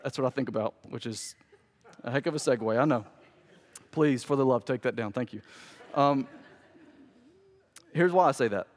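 A male pastor preaching a sermon in a church, emphatic and humorous, with dramatic pauses. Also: medium pitch. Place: church sanctuary. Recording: long church-hall reverb.

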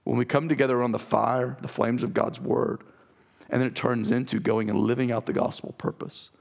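A man preaching a sermon as pastor, with a raspy voice, earnest and direct with his congregation. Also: mid-range voice, steady tone, fairly quick. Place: church sanctuary.

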